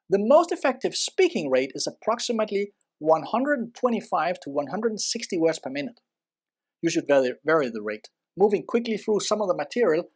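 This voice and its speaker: A presenter with a medium-pitched voice gives a spoken lesson in instructional narration. The delivery is expressive, with loudness varying for emphasis.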